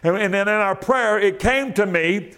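A middle-aged man preaching a sermon, folksy, moving from quiet storytelling to shouted exhortation. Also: sits high, normal speed.

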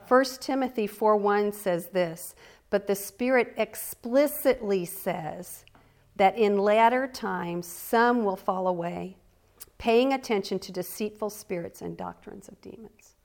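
A woman teaching the Bible, reading scripture aloud slowly and deliberately, with earnest conversational asides. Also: medium pitch. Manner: reads slowly and deliberately, stressing key words.

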